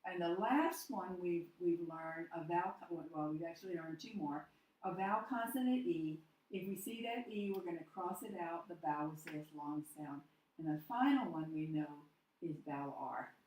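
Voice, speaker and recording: A woman's voice: on the low side, moderate pace, darkish tone. A woman teaching a phonics lesson, explaining step by step and often checking in with "okay". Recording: roomy echo, distant mic, faint noise.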